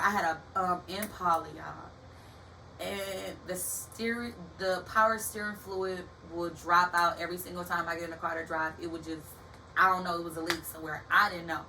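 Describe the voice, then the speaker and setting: A young woman hosting a motivational podcast in a casual, animated way, calling her listeners baby and y'all, like a preacher. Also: on the low side. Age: young adult. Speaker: podcast host. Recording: distant from the mic with faint background hiss.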